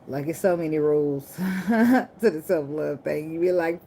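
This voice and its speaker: Under a ring light indoors at night, a woman with a deep, warm voice does a casual tarot reading to camera, speaking a little slowly. She jokes and swears bluntly, with clear background sounds of clicks and shuffled cards.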